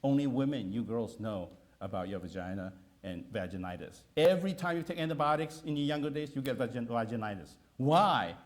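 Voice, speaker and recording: Male doctor, middle-aged, animated lecturer whose pitch leaps around; stammers, repeats and checks in with listeners. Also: fairly quick, few pauses. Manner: repetitive restarts, emphatic, asks listeners "okay?". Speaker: physician giving a talk. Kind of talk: animated lecture with patient story.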